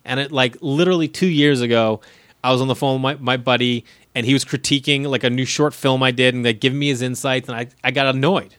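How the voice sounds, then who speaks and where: A man's voice: medium pitch, steady tone, fast talker, a bit bright, dry recording. A man chatting casually and telling stories with lots of energy, acting out quotes of the people in them. He swears freely. The sound is dry and close. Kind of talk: casual chat with storytelling.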